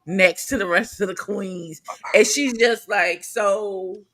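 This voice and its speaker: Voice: medium pitch, slow pace, a bit bright, no echo. A panelist chatting casually, acting out quotes and stumbling into points. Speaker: podcast panelist. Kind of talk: casual chat.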